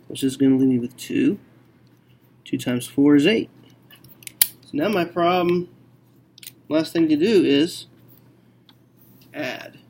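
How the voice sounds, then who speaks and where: A man teaching a math lesson, working through a problem slowly and thinking aloud with frequent okays. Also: medium pitch, dark tone.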